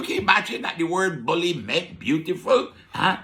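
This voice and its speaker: A man's voice: on the high side, expressive, moderate pace, few pauses, bright, forceful tone. A man with a Barbadian accent presenting a comedic radio word-history segment as a market vendor, playful and teasing with frequent "huh?" asides.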